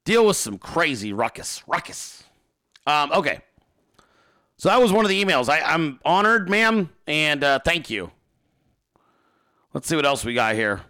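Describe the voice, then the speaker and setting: A man talks straight to his live audience, swearing freely and ranting. His voice sits fairly high for a man, bright and forceful. His pitch swings widely as he works himself up. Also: sing-song, a little slow, long pauses. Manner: profane, ranting; reads viewer emails and chat aloud. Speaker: host. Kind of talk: casual livestream chat.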